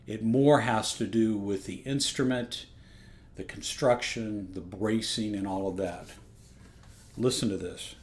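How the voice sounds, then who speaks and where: A man's voice: on the low side, fairly even intonation, measured pace. Man reviewing ukulele, rambling and keen. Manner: rambling, self-correcting, enthusiastic. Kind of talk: casual spoken product review. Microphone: external phone microphone.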